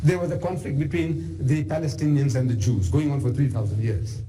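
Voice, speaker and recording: A South African man giving a storytelling religious lecture, animated and full of conversational asides. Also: mid-range voice, a little fast, slight background noise, low-quality recording. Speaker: Islamic lecturer.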